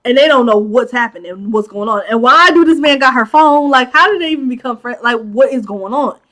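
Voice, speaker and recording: A woman with a high voice gives a casual movie recap. She chats in an animated way and pads her sentences with "like". She laughs a lot as she goes. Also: fairly quick. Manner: animated, chatty, laughs often, acts out characters' lines; many filler "like"s. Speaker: movie commentary host.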